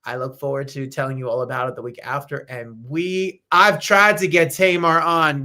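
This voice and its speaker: A man's voice: mid-range voice, fairly even intonation, normal speed, few pauses, bright, forceful tone. A middle-aged man hosting a live talk show, chatting effusively and emotionally with his viewers. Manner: effusive, emotional, sings snippets. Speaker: host. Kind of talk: casual live show chat.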